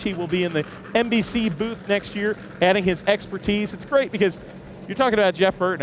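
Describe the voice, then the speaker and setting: A man hosting live, enthusiastic walk-around commentary in an outdoor race-car garage, chatting with viewers while filming on a camera he holds himself. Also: a little high. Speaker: host. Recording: noisy outdoor garage, engines running. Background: engines and garage noise.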